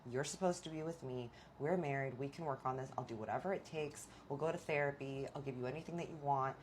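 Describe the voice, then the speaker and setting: A woman voicing her pleading, remorseful husband in a hushed, begging tone. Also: rumbling low, fast talker, slight background noise.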